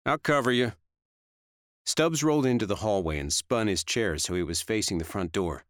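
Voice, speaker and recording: Low-voiced male audiobook narrator. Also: very animated, brisk, no room sound. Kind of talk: first-person audiobook narration.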